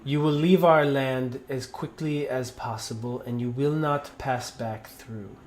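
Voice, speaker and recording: A man voicing a stern, threatening male tribal chieftain who speaks slow, curt, broken English. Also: mid-range voice, steady tone, darkish tone, slight background noise, lightly acted.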